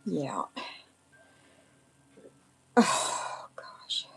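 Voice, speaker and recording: A woman's voice: very slow, bright, forceful tone, whispered. A woman hosting a casual livestream, rambling in a shaken, indignant way. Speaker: livestream host.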